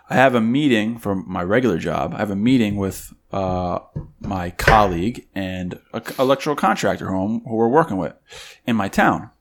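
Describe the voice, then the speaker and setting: A man co-hosting a podcast, telling a story in a casual, animated way and acting out other people's voices. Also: fairly low pitch. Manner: animated, acts out quoted voices loudly. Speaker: podcast co-host.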